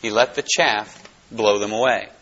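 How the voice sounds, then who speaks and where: A pastor teaching verse by verse from the Bible, going from emphatic to hushed. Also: male voice, fairly low pitch, normal speed. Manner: animated, swings from emphatic to hushed. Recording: dull lo-fi recording.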